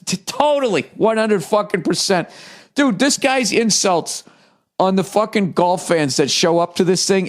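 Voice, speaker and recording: A man in his forties with an American accent, riffing profanely through a comedic podcast monologue and reading aloud with mock outrage. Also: sits high. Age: 40s. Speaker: podcast host.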